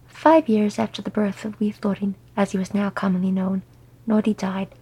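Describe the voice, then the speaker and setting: A woman reading fan fiction aloud as an audiobook, in a soft, unhurried storytelling manner. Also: mid-range voice, flat delivery, breathy edge, poor audio. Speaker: audiobook reader.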